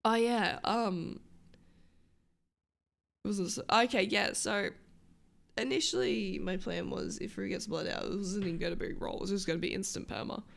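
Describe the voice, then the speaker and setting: Aussie woman streamer just yapping to chat, super gravelly fry, swears a lot, keeps forgetting what she was saying. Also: mid-range voice, normal speed, pauses often. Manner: rambling, loses her train of thought, swears casually. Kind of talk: casual chat with stream viewers.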